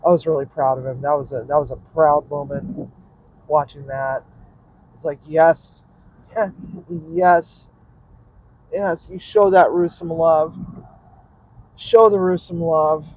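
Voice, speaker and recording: A man's voice: a little high, little pitch movement, takes it slowly, pauses often, a little mellow, muffled recording. A man, a cook and vlogger, rambling casually to his audience from his car in traffic, laughing often and muttering asides. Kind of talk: casual rambling monologue while driving.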